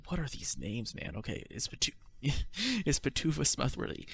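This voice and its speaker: A man's voice: medium pitch, sing-song, normal speed, vocal fry, slight background noise. A man hosting a gaming channel, chatting casually and reading a text aloud, tripping over words and adding wry asides. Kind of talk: casual let's-play outro and reading aloud.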